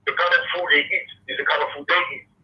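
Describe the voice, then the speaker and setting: A man in a casual podcast discussion, explaining his view in a measured way with many fillers. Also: sits high, little pitch movement. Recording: dull, muffled sound from a distance.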